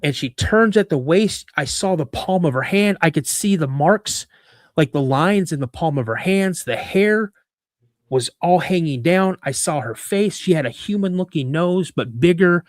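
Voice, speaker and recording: A lively man in his fifties from Washington State, telling a personal story as a guest and acting out every bit of dialogue. His voice sits a little high for a man and sounds close and dry with no room around it. He often repeats words and restarts mid-sentence. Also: normal speed, dry recording. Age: 50s. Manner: animated storyteller who acts out quoted dialogue. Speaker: guest, cryptid researcher. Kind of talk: personal story told in conversation.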